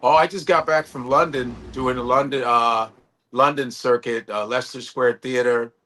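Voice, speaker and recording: A man's voice: mid-range voice, moderate pace. A man, a comedian, telling stories in casual chat on a video call and acting out what people said. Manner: animated storytelling with acted-out quotes.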